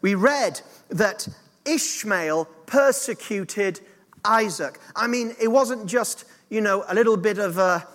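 High-voiced preaching man in echoing hall. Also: slow pace, a bit bright. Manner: earnest preaching with audience call-and-response. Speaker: pastor. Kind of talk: sermon.

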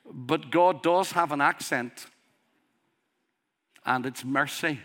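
Speaking slowly in a somewhat high, slightly bright voice, this man delivers a sermon with earnest emphasis. He pushes his audience with rhetorical questions, and his strong accent is one he describes as a dialect.

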